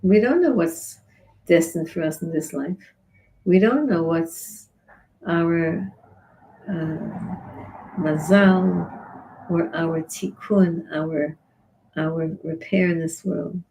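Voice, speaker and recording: A woman giving a Torah class on Psalms in an earnest, expressive way, acting out back-and-forth dialogue with God. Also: on the low side, slow pace, creaky, long pauses, slight background noise, rough recording. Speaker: rebbetzin teaching Psalms.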